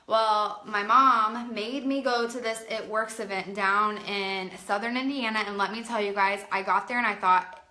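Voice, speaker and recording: A woman in her late twenties tells a long personal story straight to camera, chatty and animated and full of "like". Her voice is bright and clear. The room around her has a noticeable echo. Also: medium pitch, measured pace. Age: late 20s. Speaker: vlogger. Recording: roomy echo.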